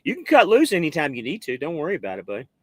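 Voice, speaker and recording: American trucker host, higher voice, dry sound. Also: male voice, huge pitch swings, fast, a bit bright, dry recording. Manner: loose, rambling, swears casually. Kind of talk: casual live-stream chat reading viewer comments.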